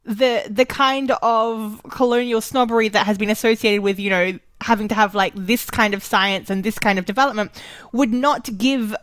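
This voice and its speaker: A woman's voice: medium pitch, fairly even intonation, normal speed, few pauses, fairly bright tone, no echo. A woman leading a casual book club discussion, talking loosely with many fillers and restarts. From Australia.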